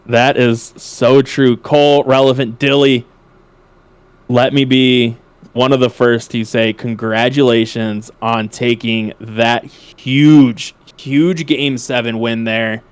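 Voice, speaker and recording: Male esports host, mid pitch, dry booth sound, excited and emphatic post-match interviewer. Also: smooth, no echo. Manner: excited, drawn-out emphatic phrasing. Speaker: esports caster interviewing winners.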